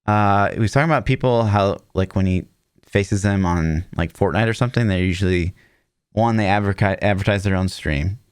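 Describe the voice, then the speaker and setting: A man's voice: fairly low pitch, brisk, clear, resonant tone, no echo, studio quality. A man co-hosting a casual gaming podcast, laid-back and blunt, talking with many filler words. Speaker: podcast co-host.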